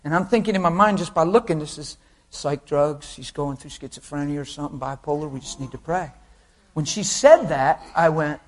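A man preaching a sermon, telling an anecdote with lively acted quotes and laughing along with the congregation. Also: on the high side, a little fast. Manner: animated storytelling, voices quotes, laughs with the crowd.

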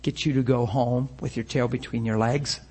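A man's voice: mid-range voice, steady tone, normal speed, darkish tone, husky. A man preaching a sermon with passion, firing rhetorical questions and acting out the scenes he describes.

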